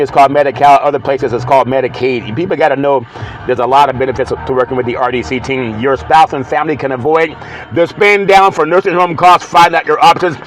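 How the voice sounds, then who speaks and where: A man hosting a sports talk show, chatting playfully and reading a live ad with bursts of loud excited exclamations. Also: medium pitch, rough recording. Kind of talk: casual talk show monologue with live ad read.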